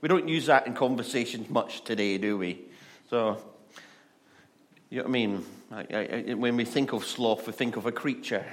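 A man's voice: medium pitch, normal speed. A male pastor giving a conversational, humorous sermon, often stammering and restarting.

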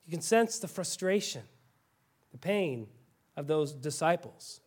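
High-voiced preaching man. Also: a little slow. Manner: animated storytelling preaching with sudden drops to quiet. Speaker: pastor. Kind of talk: sermon.

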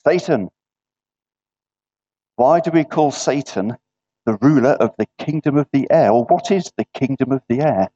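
A man's voice: medium pitch, expressive, moderate pace, long pauses, mellow. A man preaching an interactive sermon in a church gathering. He keeps asking the listeners questions and checks in with repeated "yeah". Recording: dull lo-fi recording.

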